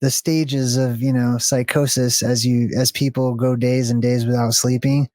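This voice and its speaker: A man's voice: medium pitch, level tone, normal speed, a little mellow. A man chatting casually during a gameplay session over a voice call, thinking aloud as he explains ideas. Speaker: co-host of a gaming video.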